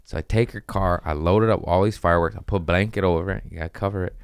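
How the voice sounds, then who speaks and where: A young man telling a wild story in casual podcast chat, swearing freely and jumping into high voices when he quotes people. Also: quick pace, clear, resonant tone, dry recording, clean studio sound. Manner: animated, acts out quotes with sudden pitch jumps, swears freely.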